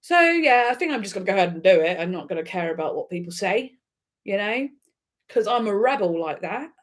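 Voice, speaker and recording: A woman with an expressive, medium-pitched voice talks briskly while hosting a casual live chat and reacting to music with viewers. She's chatty and giggly, full of fillers and restarts.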